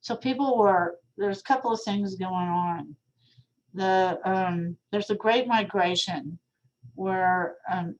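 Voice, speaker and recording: A young woman talks through an art history lecture in a loose, conversational way. She drifts into small asides and plain fillers. Her pitch sits in an ordinary middle range. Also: rough recording. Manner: casual, chatty, with fillers and asides. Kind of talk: recorded classroom lecture.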